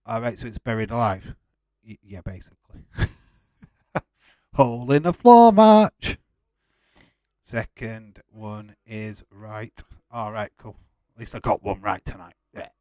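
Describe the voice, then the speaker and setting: A man's voice: fairly low pitch, little pitch movement, normal speed, hardly any pauses, dry recording. A man hosting a casual live watch-along, chatting loosely and laughing often. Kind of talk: casual live-stream chat.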